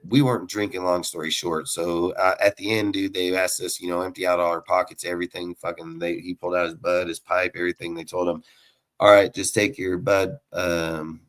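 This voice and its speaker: A young man with a low voice spins a profane, animated story in loose casual talk. He swears in nearly every line and breaks into loud sound effects to act out the action. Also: fairly quick. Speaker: podcast co-host.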